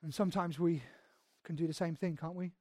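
A preacher talks through a scripture passage in a loose, conversational way, circling back on phrases and adding asides. Quoted lines come with sudden jumps in loudness, and the mid-pitched voice sits close to the mic in a dry, dead-sounding space. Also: steady tone, fairly quick, no room sound. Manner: conversational, emphatic, frequent restarts and asides; acts out quoted speech with sudden shifts in volume. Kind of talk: expository sermon.

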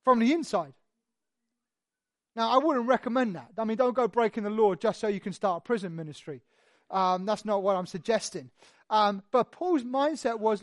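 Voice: medium pitch, moderate pace, dry recording. Conversational preacher in a dry room. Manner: conversational, rhetorical questions, animated storytelling. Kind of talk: expository sermon.

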